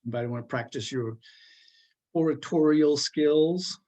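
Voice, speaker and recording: A man's voice: fairly high pitch, normal speed, darkish tone. A man teaching a class in a casual, rambling way, joking with his students and using lots of fillers.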